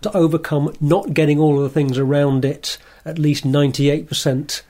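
A man's voice: on the high side, fairly even intonation, normal speed, mellow. A man co-hosting a casual chat, thoughtful and earnest, often restarting his sentences as he works out what he means. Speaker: podcast co-host.

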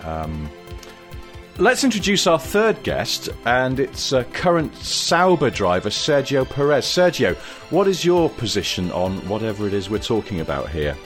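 A man's voice: mid-range voice, very animated, normal speed, soft background music. Dry, hesitant male host. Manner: dry, hesitant, with many ums and uhs. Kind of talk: comic mock talk-show hosting.

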